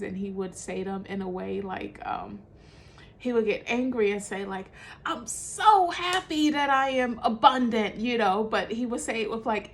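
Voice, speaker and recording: A woman's voice: mid-range voice, slight background noise. A chatty woman giving spiritual guidance. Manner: loose, conversational, many fillers and self-corrections. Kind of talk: casual teaching monologue.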